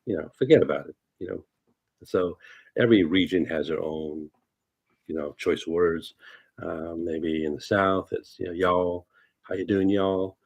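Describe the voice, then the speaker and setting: Low husky male fortune teller. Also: a little mellow. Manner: rambling, many fillers and asides. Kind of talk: casual livestream chat. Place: lives in California.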